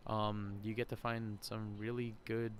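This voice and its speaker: Low-ish voiced guy rambling about his day, chatty, little laughs, faint outdoor hum behind him. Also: flat delivery, a little slow. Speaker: podcast host. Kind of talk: casual vlog monologue. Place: outdoor shopping center. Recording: faint crowd ambience outdoors.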